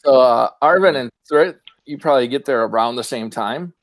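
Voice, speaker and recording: A man running a tabletop game as game master, narrating in a relaxed, rambling way. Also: medium pitch, normal speed, a little hiss or hum.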